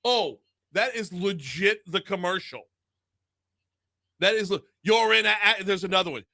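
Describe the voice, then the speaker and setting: Bright-voiced radio host. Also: male voice, high voice, normal speed, creaky, no echo. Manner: rambling, animated, self-interrupting. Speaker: radio talk show host. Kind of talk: casual on-air banter. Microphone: studio mic.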